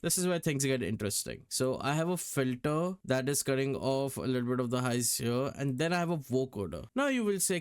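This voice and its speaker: A man's voice: medium pitch, big pitch swings, a little fast, few pauses, clear, resonant tone, no room sound. A man walking through how he built a music track, casual and chatty, repeating words for emphasis. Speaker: music producer. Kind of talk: tutorial breakdown.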